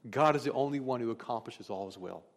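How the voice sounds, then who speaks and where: A man's voice: mid-range voice, fast talker. A middle-aged man preaching a sermon as pastor, telling stories in a conversational, candid way. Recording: long reverb of a large hall.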